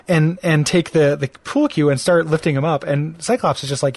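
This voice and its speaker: A man's voice: a little high, normal speed, few pauses, no echo. A man chatting casually about a cartoon show, rambling with many fillers and laughing as he acts out lines.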